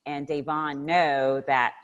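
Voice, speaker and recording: A woman's voice: sits low, flat delivery, slow, muffled recording. A woman co-hosting a podcast in casual chat, emotional and laughing easily, often restarting her sentences. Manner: emotional, laughing, self-interrupting. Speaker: podcast co-host.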